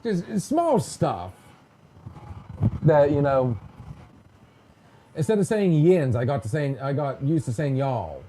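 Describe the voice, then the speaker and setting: A man's voice: on the high side, very animated, slow pace, long pauses, warm tone, a little hiss or hum. A man hosting a casual podcast, telling stories in a chatty, joking way and mimicking other people in quotes. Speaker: podcast host. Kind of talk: casual storytelling chat.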